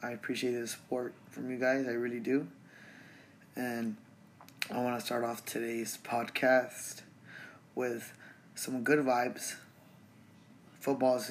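A young man hosting a solo podcast, talking in a relaxed, slangy way as he rants about his day. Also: medium pitch, slight background noise. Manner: relaxed, slangy and ranting, full of fillers. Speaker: podcast host. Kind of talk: casual solo podcast monologue.

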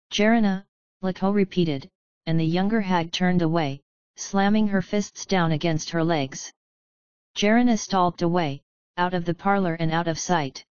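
A woman narrating a fantasy audiobook in clear, even storytelling. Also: fairly low pitch, no echo. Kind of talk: scripted narration. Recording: slightly dull, dry studio sound.

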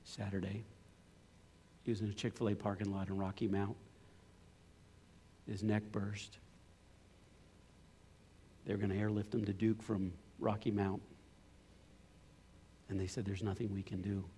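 A middle-aged man preaching a sermon as a pastor, swinging from loud impassioned pleading to low, quiet storytelling. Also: little pitch movement, a little slow, pauses often, a little hiss or hum. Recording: long hall reverb.

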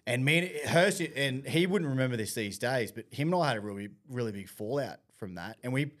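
A man telling stories in a blunt, sweary, animated way as co-host of a casual podcast chat. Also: medium pitch, fairly quick.

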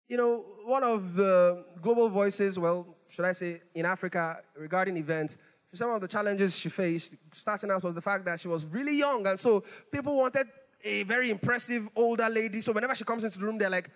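A man preaching a sermon as pastor, animated and repeating phrases for emphasis. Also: sits high, brisk. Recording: long hall reverb.

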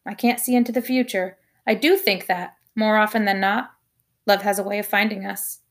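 A woman reading aloud, voicing a gentle, thoughtful older male minister who speaks in a soft, measured, kindly way. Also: medium pitch, fairly even intonation, close to an everyday voice. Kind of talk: audiobook character voice.

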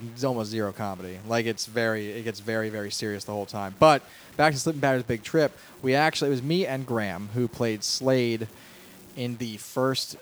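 A man talks as a podcast guest at a friend's house, teasing and breaking into laughs. His voice sits in an ordinary middle register. A faint noise floor runs underneath. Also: medium pitch. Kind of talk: casual podcast chat. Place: friend's home.

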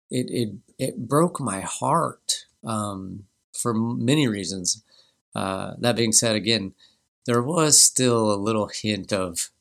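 A man in his thirties hosting a podcast, telling a personal family story in a halting way with many restarts. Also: on the low side, vocal fry, a bit bright. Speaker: podcast host.

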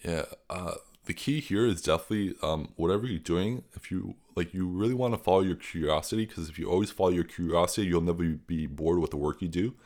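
A man's voice: low-pitched, fast talker, few pauses, a little mellow. A young man who is a guest on an interview podcast, telling a story in an earnest, rambling way full of fillers.

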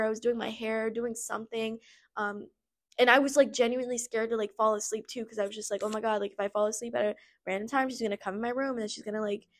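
A young adult woman hosting a podcast, telling her personal story in a candid, rambling way, with many fillers and some blunt swearing. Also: a little high. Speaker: podcast host.

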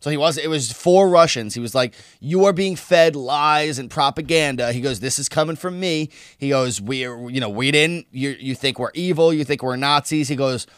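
A man's voice: medium pitch, moderate pace, few pauses, a bit bright, clear, resonant tone, no echo, studio quality. Rambling, swearing young guy. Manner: loose, rambling, swears often. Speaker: podcast co-host. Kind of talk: casual podcast chat.

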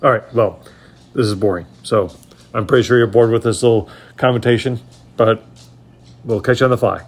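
A man's voice: lowish voice, steady tone, normal speed. Rambling man in his forties. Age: 40s. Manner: rambling, heavy on fillers like "you know". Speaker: aspiring voice actor. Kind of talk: casual self-promo chat.

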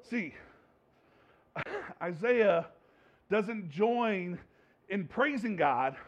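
A man's voice: high voice, lively intonation, very slow, dull audio. A male pastor preaching a sermon in a conversational way, with joking asides and repeated phrases.

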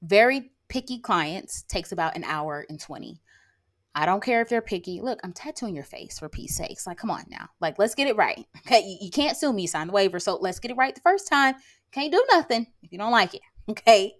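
Woman podcast host, sassy, emphatic, chatty, mid-pitched voice. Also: expressive, fairly quick. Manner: sassy, emphatic, peppered with "okay?" and "like". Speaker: lash artist and brow tattooer. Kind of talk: casual monologue. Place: rural area.

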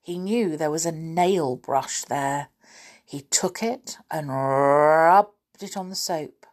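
A woman reading a children's story aloud with lively expression. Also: deep voice, slow.

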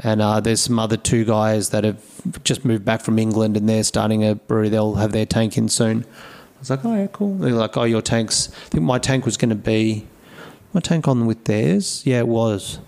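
Lively Australian man telling stories. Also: fairly low pitch, moderate pace, creaky. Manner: lively storyteller who acts out quoted dialogue and swears freely. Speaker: podcast guest, craft brewery founder. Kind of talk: casual storytelling chat.

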